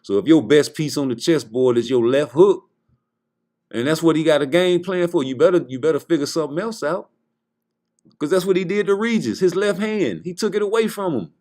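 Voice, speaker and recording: High-voiced man on a blunt boxing rant. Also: animated, brisk, darkish tone. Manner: blunt, heated, repeats himself for emphasis. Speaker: boxing commentator. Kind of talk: casual profane rant.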